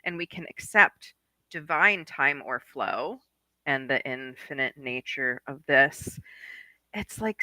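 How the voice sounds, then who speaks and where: A woman co-hosting a spiritual podcast, talking in an excited, effusive casual chat. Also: on the low side, no echo. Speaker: spiritual guide and co-host.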